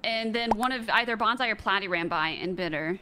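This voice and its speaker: A woman on a group game call, calmly laying out what she saw step by step. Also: mid-range voice, a little fast, noisy background. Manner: explains her reasoning step by step. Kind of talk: casual gaming chat.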